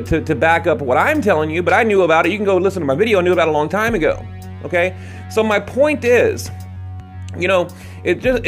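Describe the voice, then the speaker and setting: Male boxing vlogger, high voice, rambling late-night rant with restarts. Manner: rambling, rants with frequent restarts. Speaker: boxing channel host. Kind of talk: casual ranting commentary. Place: late-night home recording.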